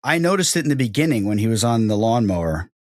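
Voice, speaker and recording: A man's voice: lowish voice, big pitch swings, fast, a little mellow, no echo. An American man hosting a podcast, talking in loose, rambling runs full of restarts. His voice sits mid-range and is recorded close and dry, with no room sound. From United States. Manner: rambling, repeats himself, says "like" a lot. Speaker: podcast host. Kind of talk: casual interview chat.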